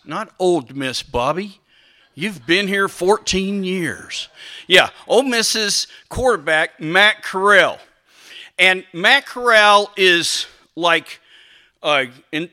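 Bright, emphatic preacher man. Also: high-pitched. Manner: animated, emphatic, many restarts and asides. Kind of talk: sermon.

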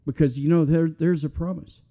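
A man's voice: fairly high pitch, steady tone, brisk, phone-quality sound. A middle-aged man preaching a sermon as a pastor, talking in an earnest, conversational way that builds to passionate appeals.

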